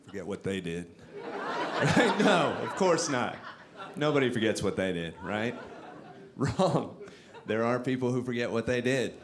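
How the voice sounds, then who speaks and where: On a club stage, a Texan man performs stand-up into a handheld mic, self-deprecating and animated. His pitch is medium, his pace unhurried with frequent pauses, and the recording is very noisy.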